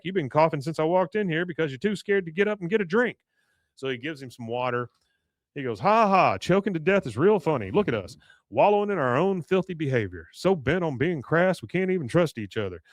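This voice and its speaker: On a podcast he co-hosts, this man walks through a cartoon episode in a relaxed way, doing the characters' lines and laughing a lot. His voice sits on the high side, with lively intonation and a brisk pace, and there's no echo.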